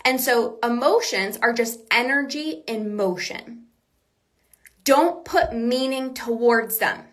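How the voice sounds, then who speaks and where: With a slightly high, fairly bright voice and a slow pace, a woman who coaches people on binge eating hosts her podcast. The talk is motivational, earnest and reassuring, circling back to key points, and she voices quoted self-talk aloud.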